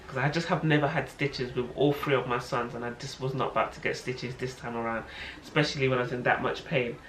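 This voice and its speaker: A woman in her thirties telling a personal story to camera in a casual, animated way, acting out what other people said. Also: a bass voice, fast. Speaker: vlogger, mother. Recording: echoey room with faint noise.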